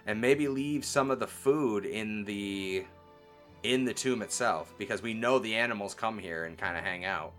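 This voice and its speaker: A man's voice: lowish voice, normal speed, a bit bright, faint music behind. A man playing a tabletop game, talking in a rambling, casual way, swearing and saying "like" often. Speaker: player.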